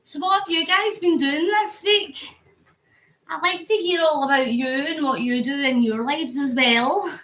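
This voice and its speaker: Pedalling an exercise bike indoors at home, a Scottish vlogger live-streams her charity cycle on her phone, chatting casually, reading viewer comments and working up a sweat. Her voice is high-pitched and a little bright, bouncing around an echoey room.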